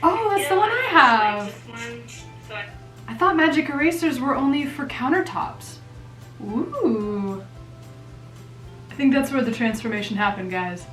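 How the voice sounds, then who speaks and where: A woman's voice: sits high, sing-song, measured pace, long pauses, fairly bright tone, faint music behind. A young woman doing her makeup on camera, chatting in a playful, self-mocking way. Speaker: makeup vlogger. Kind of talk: casual chat. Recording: roomy echo, mic at a distance.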